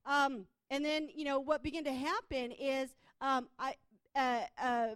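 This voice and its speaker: A woman's voice: high voice, level tone, a little slow, fairly bright tone, dry recording. A woman minister telling her testimony in a chatty way, full of fillers and restarts. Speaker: prophetic minister. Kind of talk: personal testimony.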